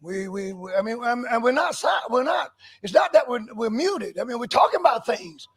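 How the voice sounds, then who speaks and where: A man preaching from the pulpit in a strikingly high, husky voice. He restarts his phrases, then builds up to fervent, shouted declarations. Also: sing-song, moderate pace. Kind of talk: church sermon.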